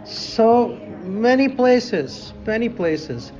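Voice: medium pitch, takes it slowly, few pauses, lo-fi sound, soft background music. A Bible teacher speaking informally in a conversation, quoting scripture in old-fashioned wording and speaking English with non-native grammar.

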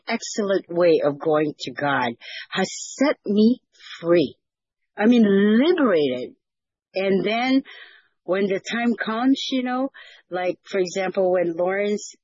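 Woman, fellowship leader, earnest testimony; husky, dry, muffled video-call sound. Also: medium pitch, a little mellow, no room sound. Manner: earnest, rambling, with repeated words. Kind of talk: personal testimony sharing.

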